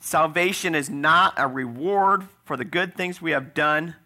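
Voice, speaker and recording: Pastor, male, gravelly bright voice, casual conversational sermon delivery. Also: on the high side, unhurried. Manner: conversational preaching with frequent "right?" asides.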